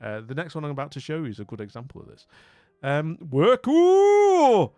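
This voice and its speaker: Still slightly weak from being ill, the northern English streamer rambles and restarts through a casual chat, greeting viewers in a friendly way. He talks fast in a smooth, mid-range voice. The recording is dry and lo-fi.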